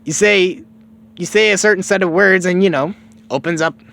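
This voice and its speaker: A man's voice: high-pitched, normal speed, creaky, pushed and bright, pitched above the performer's own voice, full character voice. A man doing a cheerful laid-back young fighter. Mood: breezy. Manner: casual and upbeat.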